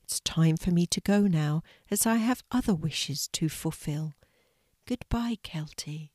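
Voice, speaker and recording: A woman voicing a tiny, gentle fairy in a storybook, speaking in a soft, hushed, kindly way. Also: low voice, a little slow, dry recording, studio quality.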